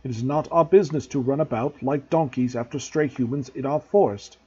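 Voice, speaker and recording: A man's voice: medium pitch, a little fast, darkish tone, husky, natural voice. A man voicing a proud, angry male centaur with a scornful, growling manner, on a dull lo-fi recording. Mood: furious.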